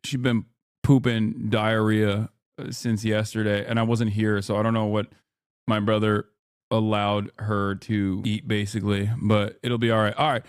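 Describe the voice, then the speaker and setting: A man hosting a livestream, talking casually and haltingly with lots of fillers. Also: on the low side, little pitch movement, smooth, dry recording, clean studio sound. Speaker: streamer host.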